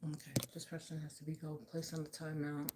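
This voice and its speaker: A woman's voice: sits low, monotone, brisk, very noisy. A woman telling a story in a rambling, tangential, indignant way. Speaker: vlogger. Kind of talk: casual storytelling.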